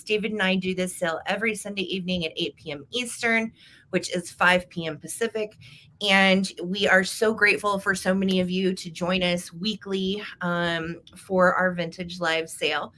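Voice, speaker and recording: A woman's voice: medium pitch, moderate pace, sharp tone. A woman hosting a live vintage sale, chatting casually and greeting viewers by name in an upbeat way. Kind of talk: casual livestream chat.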